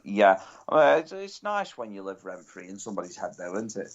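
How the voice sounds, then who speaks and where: A man's voice: fairly low pitch, very animated, brisk. A man co-hosting a podcast, telling crude jokes and stories in casual banter. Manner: crude, joking, storytelling. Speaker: podcast co-host. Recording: dull lo-fi sound.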